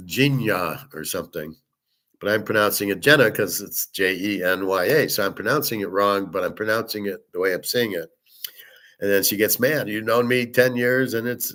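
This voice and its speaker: Man, low-ish voice, casual rambling monologue, blunt, swears a lot. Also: a bit bright. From United States. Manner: blunt, profane, digressive storytelling. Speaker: sports betting podcast host.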